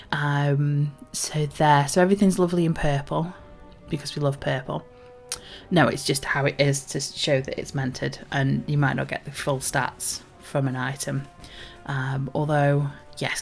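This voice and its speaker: A woman's voice: sits low, gravelly, fairly bright tone. A woman streaming a video game, chatting casually and rambling with lots of ums. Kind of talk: casual gameplay commentary.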